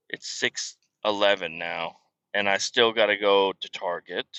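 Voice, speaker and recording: A man's voice: fairly low pitch, pushed and bright, smooth, no echo, lo-fi sound. A man hosting a casual podcast, rambling through family stories in a profane, self-deprecating way while on the road. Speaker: podcast host. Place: car.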